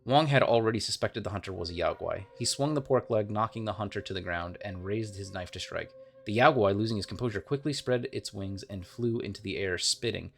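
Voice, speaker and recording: Low-voiced man reading game lore. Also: brisk, creaky, hardly any pauses, a bit bright, soft background music. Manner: stumbles and self-corrects, apologetic. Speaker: let's play gamer. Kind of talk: reading game lore aloud with casual asides.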